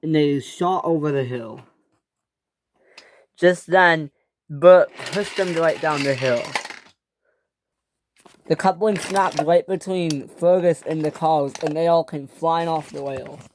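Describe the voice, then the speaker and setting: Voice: takes it slowly, pauses often, slight background noise. A storyteller narrating a toy train story with many restarts and self-corrections. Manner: acts out each character's lines in higher, louder voices.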